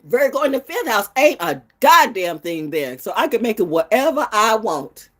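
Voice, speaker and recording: A woman in her sixties ranting bluntly and profanely in an unscripted vlog, jumping from low mutters to high outbursts and loud laughs. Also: sing-song, normal speed. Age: 60s. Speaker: vlogger. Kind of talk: unscripted rant to camera.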